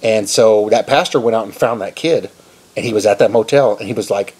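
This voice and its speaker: A man's voice: on the low side, fairly quick, slightly rough. A man gives a casual storytelling sermon, talking in a rambling, conversational way. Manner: rambling, conversational, relaxed retelling. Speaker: Christian video preacher.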